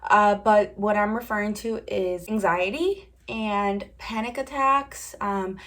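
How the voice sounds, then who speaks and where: A woman's voice: medium pitch, takes it slowly, fairly bright tone. A young woman vlogging in a rambling, candid way, with many "like"s, while she does her makeup at home. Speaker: beauty vlogger. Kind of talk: casual chat while doing makeup.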